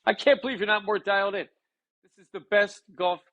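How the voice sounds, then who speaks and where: A man co-hosting a casual sports betting chat, talking excitably with frequent stammered restarts. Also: high-pitched, brisk, no echo, highs cut off.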